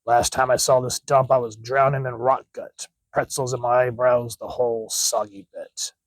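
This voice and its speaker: A man reading out the dry, wry inner monologue of a gruff male mutant recalling a rough past, in a near-plain voice. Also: mid-range voice, little pitch movement, moderate pace, no room sound, lightly acted, poor audio. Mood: brooding.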